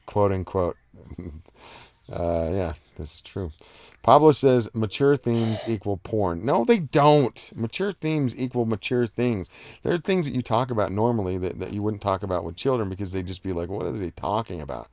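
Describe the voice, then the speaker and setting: Deep-voiced man reading live chat. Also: expressive, normal speed, a little mellow, no room sound. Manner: rambling, many fillers and restarts. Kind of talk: casual live-stream chat.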